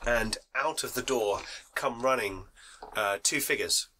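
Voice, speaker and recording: A man's voice: medium pitch, measured pace, sharp tone, a little hiss or hum, poor audio. A man with a cold, running a tabletop game as game master and narrating the scene with a laugh in his voice. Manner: laughing, playful scene-setting. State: has a cold.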